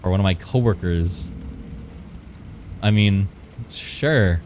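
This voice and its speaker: A man's voice: low voice, slow pace, a little mellow, slight background noise. A man streaming live, chatting playfully with his viewers and rambling while he draws. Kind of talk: casual live-stream chat while drawing.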